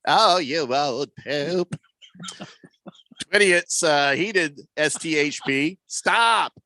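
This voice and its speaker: A man's voice: on the high side, extremely slow, pushed and bright, no room sound, clean studio sound. A man hosting a sports radio talk show, joking around and reading listener messages aloud. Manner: jokey, reads listener messages aloud, laughs often. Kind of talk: casual sports radio banter.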